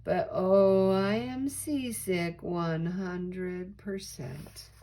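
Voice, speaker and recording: An older woman voicing a faithful, patient male elephant in a read-aloud storybook, earnest and steady. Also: fairly low pitch, very slow, slight background noise, poor audio.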